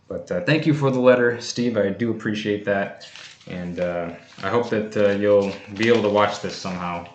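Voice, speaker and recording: Casual male streamer, low voice, relaxed rambling delivery, echoey room. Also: normal speed, dull audio, slight background noise. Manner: chatty and easygoing, many fillers and restarts. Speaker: coin collecting channel host. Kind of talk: casual livestream chat, opening fan mail.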